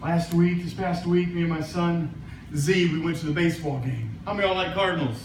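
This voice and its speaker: A man's voice: on the high side, fairly quick, reverberant, far from the mic, noisy background. A man preaching a sermon as pastor, telling a story and building to emphatic preaching. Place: church sanctuary.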